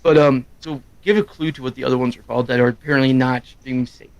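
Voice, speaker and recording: A middle-aged man chatting casually on a live stream, loud and quick, rambling from story to story. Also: medium pitch, steady tone, no room sound, dull audio. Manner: loud, fast-talking, rambling. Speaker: streamer co-host. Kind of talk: casual chat.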